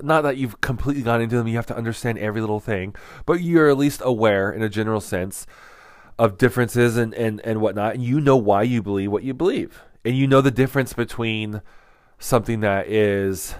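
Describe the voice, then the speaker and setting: A man's voice: fairly low pitch, normal speed, smooth, no room sound, studio quality. A man giving a casual, rambling church teaching talk, full of "like" and restarts. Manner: rambling, many "like" fillers and restarts; candid, storytelling.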